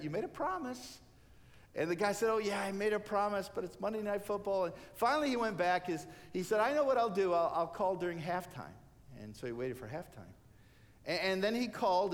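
Animated male preacher in a reverberant hall. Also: high-pitched. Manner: animated storyteller acting out characters' lines. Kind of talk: sermon storytelling.

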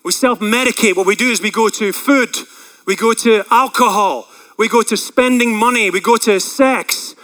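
Male pastor, sermon delivery, high ringing voice, emotional swings from shouting to hush. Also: normal speed, low-quality recording. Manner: rises to loud impassioned cries on quoted prayers, drops low and quiet when reflecting; frequent fillers and restarts.

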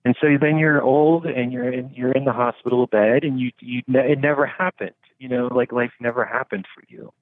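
A man in casual conversation, musing at length with lots of "like" and frequent swearing. His voice sounds thin and narrow, like it comes through a phone, and the sound is completely dry with no room around it. His pitch sits at an ordinary middle range. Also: steady tone, brisk, hardly any pauses, dry recording. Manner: rambling, philosophical, swears freely, many fillers.

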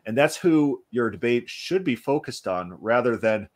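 A man hosting a casual discussion, talking in an animated way with many restarts. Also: medium pitch, normal speed. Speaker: podcast host.

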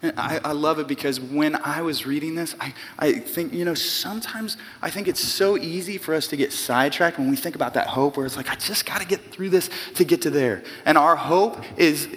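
A man in his early forties preaching a sermon in a conversational, animated way with casual asides. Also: on the high side, a little fast, few pauses, slight background noise. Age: 40s. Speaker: pastor. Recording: long hall reverb.

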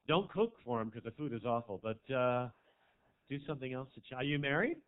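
A man doing a stand-up comedy set in a small club, with brash, campy crowd work that swings from loud to quiet. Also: medium pitch, lively intonation, a little fast. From American South. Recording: tinny phone-like audio.

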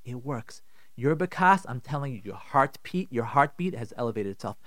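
A man's voice: medium pitch, expressive, moderate pace, fairly bright tone, no room sound, studio quality. A middle-aged man, a rabbi hosting a radio show, giving emphatic, repetitive advice and acting out the complaints he quotes. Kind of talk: animated radio advice talk.

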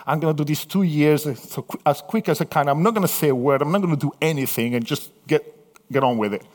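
Man, Italian accent, preacher, storytelling sermon, high voice, long hall reverb. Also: quick pace. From southern Italy. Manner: animated storytelling, acts out voices in quotes. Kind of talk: anecdotal sermon.

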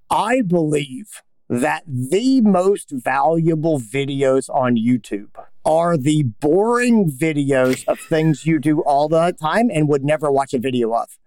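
A man's voice: a little high, moderate pace, no room sound. A man hosting a podcast, talking in a casual, emphatic way and building his points with asides and restarts. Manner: emphatic, animated; talks through ideas with frequent restarts and asides. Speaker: podcast host.

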